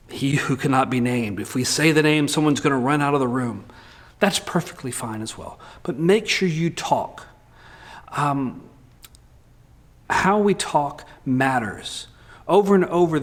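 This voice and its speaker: A male pastor preaching a sermon in a candid, humorous way with lively swings in delivery. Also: on the high side.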